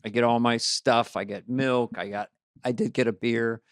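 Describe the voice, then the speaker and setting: Smooth-voiced middle-aged man, dry deadpan delivery. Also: medium pitch, moderate pace, no echo. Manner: deadpan, understated anecdotes from the road. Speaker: co-host. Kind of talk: casual comedic storytelling.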